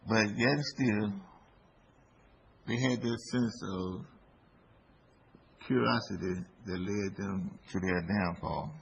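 A man preaching a sermon in a slow, deliberate way, his voice rising for emphasis. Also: on the low side, steady tone, gravelly. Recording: dull lo-fi recording with faint background noise.

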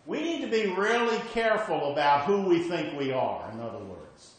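Emphatic preacher in a very echoey hall. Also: male voice, a little high, very animated, moderate pace. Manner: emphatic, repeats questions and frequent "okay?" checks. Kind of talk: sermon. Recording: very echoey hall with faint ambience.

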